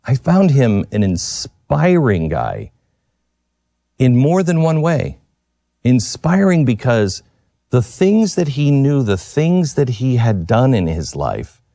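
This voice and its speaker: A man hosting a radio talk show, telling a personal story in an earnest, reflective way with halting restarts, into a studio microphone. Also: mid-range voice, very animated, dark tone, dry recording.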